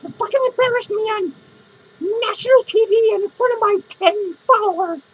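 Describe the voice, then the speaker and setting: A man's voice: very high-pitched, normal speed, slight background noise, low-quality recording. A man playing a foul-mouthed, drunk, lonely female clown who rambles, curses constantly and grumbles through a comic podcast monologue. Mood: cranky. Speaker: podcast host character. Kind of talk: improvised comedy monologue.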